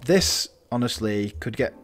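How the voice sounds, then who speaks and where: A man's voice: medium pitch, lively intonation, measured pace, soft background music. Rambling man, gameplay commentary. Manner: rambling, thinking aloud with many restarts. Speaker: gaming channel host. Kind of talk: casual let's-play commentary.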